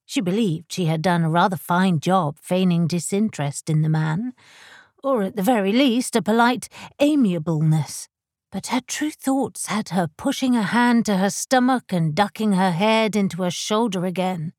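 A woman reading a historical romance novel as a measured, even narrator. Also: on the low side, no echo, clean studio sound. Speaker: audiobook narrator. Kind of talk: scripted narration.

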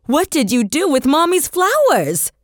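Woman doing a worried mom, slow and firm with her toddler, lively ups and downs. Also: mid-range voice, no room sound, studio quality, voice pushed up. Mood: coaxing. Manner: slow, emphatic coaxing to a toddler. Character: busy mother of two, fussy and worried.

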